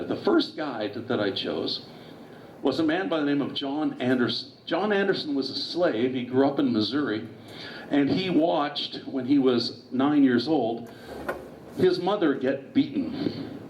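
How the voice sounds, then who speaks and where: A man's voice: medium pitch, animated, unhurried. A guest author gives a storytelling history lecture in a meeting hall, with digressive asides. He is heard from a distance, with a roomy echo around his voice. The recording sounds dull and muffled, with faint noise underneath.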